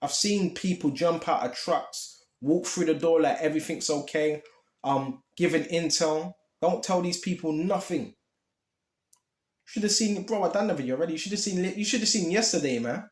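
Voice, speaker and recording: A man's voice: a little high, normal speed, echoey room. A man preaching informally, impassioned and repetitive, with streetwise slang.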